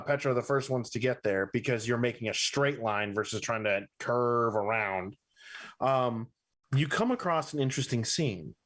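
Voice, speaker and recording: A man runs a tabletop game as its game master, narrating each scene in a voice of ordinary pitch. He rambles and corrects himself as he goes, with plenty of fillers along the way. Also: a bit bright.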